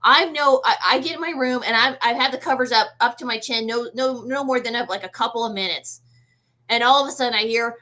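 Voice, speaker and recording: Middle-aged woman, medium guest; bright, slightly high, animated storyteller. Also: fairly quick, rough recording. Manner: animated, acts out voices in quotes. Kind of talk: casual storytelling.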